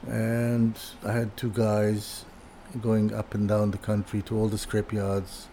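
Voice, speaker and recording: A lowish, mellow voice belongs to an older man recounting his early days as a designer. He talks in a halting way, repeating words and restarting sentences as he goes. A faint hiss sits behind him. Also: monotone. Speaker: guest, furniture designer. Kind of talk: casual anecdotal storytelling.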